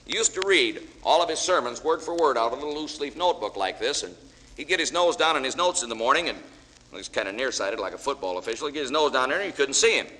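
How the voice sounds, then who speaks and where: Male after-dinner speaker, fast folksy joke-teller, reverberant hall recording. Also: medium pitch, expressive, sharp tone. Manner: folksy storyteller, joking with audience. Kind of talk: humorous speech with jokes. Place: large banquet hall with audience. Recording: echoey hall, faint hiss.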